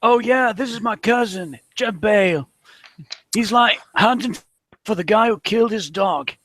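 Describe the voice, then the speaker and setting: A man's voice: high voice, a little slow, a bit bright, no room sound. Man playing a rambling young acolyte. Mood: bemused. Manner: hesitant, repeats words, says "like" and "dude". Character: young, casual male cult acolyte, easygoing.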